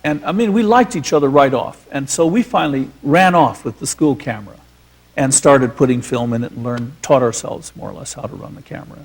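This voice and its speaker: A man's voice: medium pitch, a little fast, slightly rough. A man, a filmmaker guest, reminiscing onstage in a rambling, filler-laden storytelling way.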